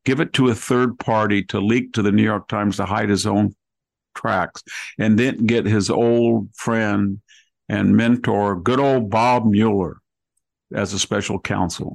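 Gravelly man in sarcastic political commentary. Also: fairly low pitch, steady tone, dry recording, poor audio. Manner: sarcastic, rapid-fire listing of grievances. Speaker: podcast host.

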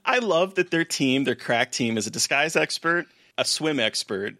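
A man's voice: a little high, expressive, moderate pace, pushed and bright, no room sound, studio quality. A man co-hosting a podcast, fondly and casually sharing favorite moments and trivia about a movie. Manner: amused, fond, storytelling. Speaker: podcast co-host.

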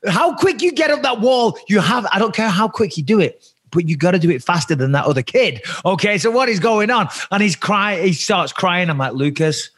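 A man in his thirties telling stories in casual chat as a podcast co-host, animated and profane. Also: sits high, fairly quick.

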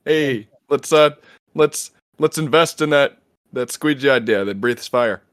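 A man's voice: medium pitch, a little slow, fairly bright tone, no room sound, studio quality, natural voice. A man doing a silly, offhand impression of a rich male team owner in a podcast bit. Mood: goofy.

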